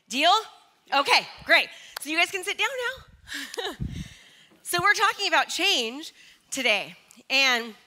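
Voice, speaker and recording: A woman in her forties giving an energetic, chatty stage talk and drawing the live audience in, a little nervous. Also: sits high. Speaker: motivational speaker.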